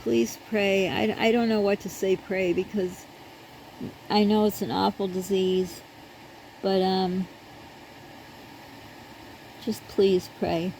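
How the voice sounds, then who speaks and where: A woman's voice: medium pitch, little pitch movement, slow pace, vocal fry, long pauses, darkish tone, rough recording. A middle-aged woman talks to her viewers in a casual personal vlog. Her speech is earnest and rambling, and she often halts and restarts. A faint hum of background noise sits under her voice. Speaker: vlogger. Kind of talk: casual personal talk to camera.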